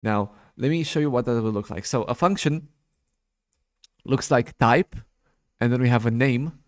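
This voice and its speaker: A man's voice: mid-range voice, moderate pace, dry recording, studio quality. A man tutoring programming in a casual chat, patient and prone to repeating himself.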